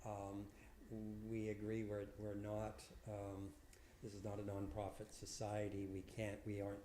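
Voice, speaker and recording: A man's voice: lowish voice, monotone, unhurried, mellow, echoey room, a little hiss or hum. A man representing a housing project, answering council questions hesitantly with many fillers. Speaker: development proponent.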